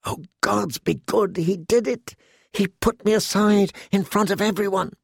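A man voicing a young noble girl who whispers her joy in a hushed, breathless voice. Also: sits high, unhurried, creaky, husky, no room sound, voice pushed up, exaggerated voice. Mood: gleeful.

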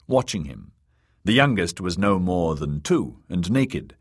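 A man reads a fantasy novel aloud in measured storytelling. His voice is low and husky. His pitch rises and falls expressively. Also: sing-song. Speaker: narrator. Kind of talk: audiobook narration.

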